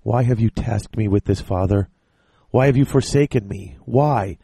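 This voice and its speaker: A man reading aloud the lines of an anguished warlord in a slow, heavy dramatic voice, close to his own. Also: lowish voice, vocal fry, mellow, slightly rough, no echo.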